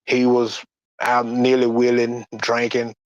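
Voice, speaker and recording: Man, personal testimony, halting and plain-spoken, mid-pitched voice, dry muffled recording. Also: monotone, no echo. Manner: halting, plain-spoken, repeats words and restarts. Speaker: guest sharing a church testimony.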